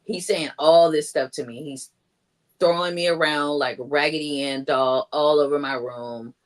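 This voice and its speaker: An unhurried woman with a low voice and fairly even intonation recounts her own experience as a guest. Chatty and heavy on "like," she raises her voice when imitating what others said.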